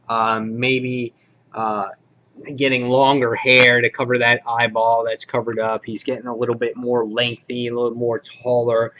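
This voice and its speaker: A man giving a casual comic book review, rambling with many filler words and getting excited as he goes. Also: medium pitch, highs cut off.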